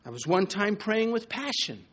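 A man delivering a sermon with earnest conviction. His voice sits a little high for a man, and he builds through emphatic repeated phrases, now and then pausing mid-thought to start again. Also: very animated, a bit bright. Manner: earnest, rises to emphatic repetitions. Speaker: preacher.

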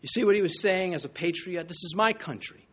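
A man preaching a sermon in an earnest way, building to emphatic repeated phrases and sometimes pausing to restart a thought. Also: sits high, a bit bright, husky. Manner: earnest, rises to emphatic repetitions.

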